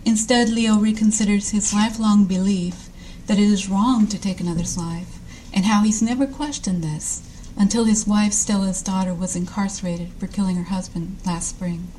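A woman's voice: mid-range voice, steady tone, moderate pace, few pauses, dark tone, a little hiss or hum, poor audio. A woman author reading her short story aloud at a live event, wry and self-deprecating.

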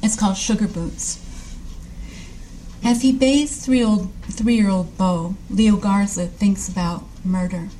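A woman's voice: mid-range voice, fairly even intonation, slow, warm tone, a little hiss or hum, low-quality recording. A woman author reading her short story aloud at a live event, wry and self-deprecating.

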